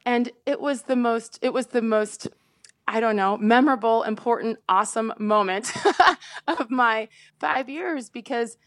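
A woman in her fifties from Indiana, a sportscaster telling a story as a podcast guest, quick and animated, laughing often and restarting her sentences. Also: on the high side, dry recording. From Indiana, USA.

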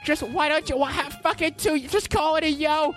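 A man's voice: very high-pitched, moderate pace, a bit bright, faint music behind, voice pushed up. A man doing an impression of a male comedian, ranting angrily with constant swearing. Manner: angry profane ranting, heavy swearing.

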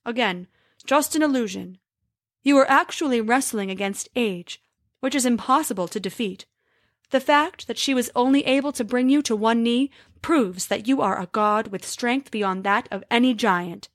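A woman voicing a male giant who calmly explains his tricks in a storybook tale. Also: a little high, moderate pace, no room sound, clean studio sound. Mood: explaining. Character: huge cheerful male giant.

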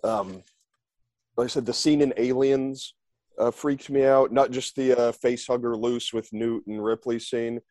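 A man's voice: mid-range voice, fairly even intonation, a little slow, darkish tone, dry recording. A man in his forties, a podcast guest chatting casually over a remote call and joking in silly voices. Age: 40s. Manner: rambling, acts out silly voices for jokes. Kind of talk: casual chat.

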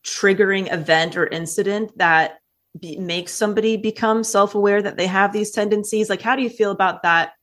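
A woman's voice: medium pitch, steady tone, fairly quick, fairly bright tone. A woman co-hosting a podcast, asking casual questions with frequent fillers. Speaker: podcast co-host.

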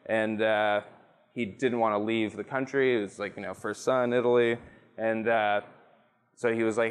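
This rum brand representative speaks at a medium pitch with a clear, resonant tone. He's a guest on a podcast taped in a rum bar, spinning loose, profane stories in a casual interview.

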